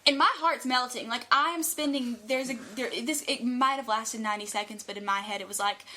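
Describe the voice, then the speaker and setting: A talkative young woman with a North Carolina accent rambles through stories on a casual podcast. Her voice is bright and ringing, pitched a little high. She never holds back. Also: fairly quick. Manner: outgoing, talkative, rambling anecdotes. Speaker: podcast guest. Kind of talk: casual chat, animated storytelling.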